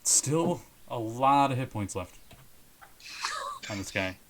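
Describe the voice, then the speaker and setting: A man narrating as game master of a tabletop game, relaxed and laughing often. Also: medium pitch, slow pace.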